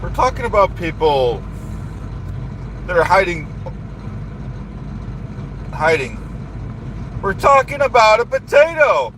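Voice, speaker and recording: A man's voice: high voice, very animated, slow, long pauses, background noise. A man ranting on a live stream, boastful and indignant, repeating himself over and over.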